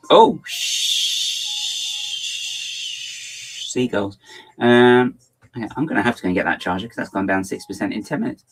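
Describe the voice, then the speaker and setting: Faint music plays behind a man whose low-side voice moves at a quick pace as he livestreams a LEGO build. Rambling casually to chat, he mutters to himself, drops playful asides, and struggles with an irritated throat.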